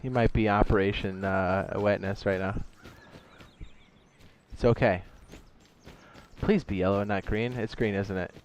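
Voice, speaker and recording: A man's voice: on the low side, steady tone, unhurried, long pauses, slight background noise. A man live-streaming a survival game, rambling casually, talking to himself and reading chat aloud, saying "dude" often. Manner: rambling, chatty, says "dude" a lot, talks to himself; reads chat messages aloud.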